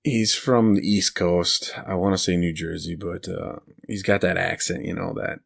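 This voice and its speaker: A man's voice: deep voice, steady tone, moderate pace, creaky. A man co-hosting a podcast, chatting casually and rambling through stories while laughing at them. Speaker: podcast co-host. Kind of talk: casual chat.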